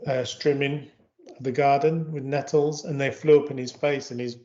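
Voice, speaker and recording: A man hosting a casual chat, relaxed and joking, asking his co-host questions. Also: medium pitch, moderate pace, lo-fi sound.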